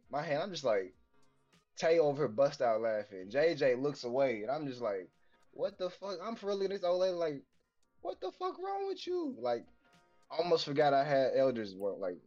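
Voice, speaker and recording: A man's voice: mid-range voice, a little mellow, muffled recording. A man co-hosting a podcast, telling long rambling stories full of slang, profanity and fillers in casual banter. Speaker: podcast co-host.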